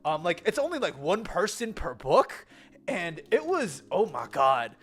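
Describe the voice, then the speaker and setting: Lively young American travel vlogger. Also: medium pitch, a little slow, breathy edge, faint music behind. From United States. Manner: rambling, filler-heavy, self-correcting. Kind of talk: casual travel vlog chat.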